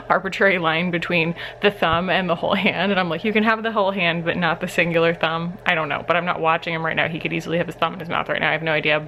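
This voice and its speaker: A woman's voice: fairly low pitch, a little hiss or hum. A young woman chatting casually to camera in a home vlog, full of fillers and little laughs. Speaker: vlogger.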